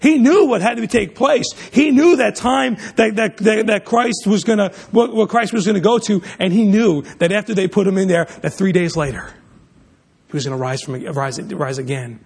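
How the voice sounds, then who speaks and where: A man's voice: high voice, moderate pace, gravelly, a little mellow, slightly rough. A man preaching a sermon, emphatic, often restarting and repeating words mid-sentence.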